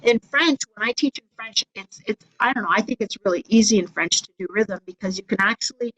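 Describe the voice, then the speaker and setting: A woman's voice: medium pitch, low-quality recording. A woman teaching an online music theory class, patiently counting and clapping rhythms aloud for her students.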